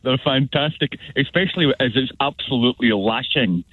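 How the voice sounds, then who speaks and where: A man's voice: medium pitch, moderate pace, no room sound. A male caller who calls in from abroad, talking in an exasperated, hesitant way with many restarts. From Britain. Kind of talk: phone-in call. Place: at home abroad. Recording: husky tinny phone line.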